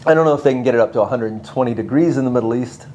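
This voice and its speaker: A man's voice: mid-range voice, racing, darkish tone, a little hiss or hum. A man hosting a travel vlog, narrating with a wry, joking manner. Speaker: host.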